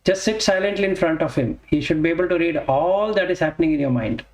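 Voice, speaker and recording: A man's voice: on the high side, a little mellow. Man teaching Buddhist scripture, echoey room. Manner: explains slowly, with pauses and self-corrections. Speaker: dharma teacher.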